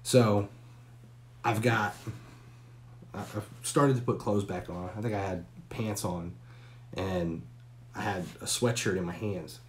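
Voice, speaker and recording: A man in his forties hosting a live stream, telling a long, candid and profane story with pauses and fillers. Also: on the low side, slight background noise.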